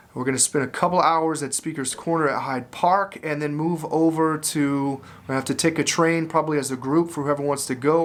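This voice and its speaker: A man, an evangelist, casually talking through a trip schedule in a loose, informal way with frequent fillers. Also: fairly high pitch. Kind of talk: casual spoken announcement.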